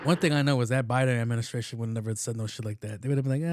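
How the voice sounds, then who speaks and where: A man's voice: medium pitch, racing, heavy background noise. A man in his late thirties hosting a solo podcast, talking loosely and with lots of swearing, and he often repeats himself. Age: 30s. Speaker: podcast host. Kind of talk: casual solo podcast commentary.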